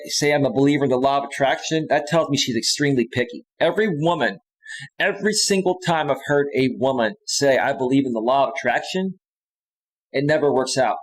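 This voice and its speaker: A man's voice: mid-range voice, poor audio. A man coaching in a casual livestream monologue, chatty and often checking in with his listeners, with frequent restarts and repeated phrases. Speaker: dating and life coach.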